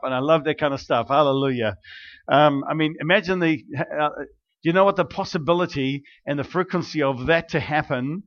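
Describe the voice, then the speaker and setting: A man preaching, first praying aloud and then telling stories in an animated way, with many fillers and restarts. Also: a little high, moderate pace. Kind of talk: prayer and sermon storytelling. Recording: dull lo-fi recording.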